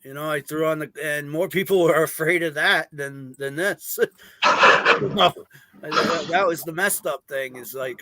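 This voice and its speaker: A man appears as a guest on a paranormal talk show, where he works as a paranormal investigator and also performs as a clown. He tells stories at an easy pace in casual chat, with plenty of "uh" fillers. His voice is a little high, at normal speed, with no echo.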